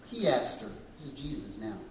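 In a church sanctuary, a pastor with a mid-range voice and big pitch swings preaches at a moderate pace, dramatic and full of questions for the congregation. He shifts into character voices when quoting people. The sound is echoey from a distant mic, with a little hiss or hum.

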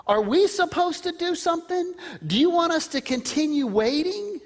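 A man voicing an aged patriarch who pleads with God, confused and halting. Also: very high-pitched, expressive, pitched above the performer's own voice. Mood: pleading. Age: older. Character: aged male patriarch praying in bewilderment.

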